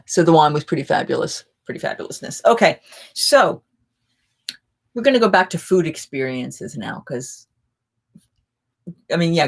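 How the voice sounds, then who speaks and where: Woman, live chat host, lowish voice, rambling anecdotes. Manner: rambling, animated anecdote telling. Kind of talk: casual storytelling chat.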